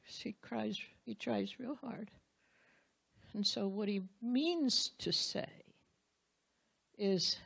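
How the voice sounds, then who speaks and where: Woman, Bible teacher, sermon, slow delivery, earnest, talks to husbands. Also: mid-range voice, creaky, slightly rough, dry recording. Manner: earnest, speaks directly to husbands, acts out quotes.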